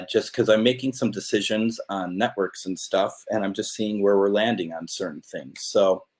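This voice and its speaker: A man's voice: lowish voice, darkish tone. A man hosting a live spirit box session, chatting casually while calling out to spirits and talking to his cat. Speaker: host.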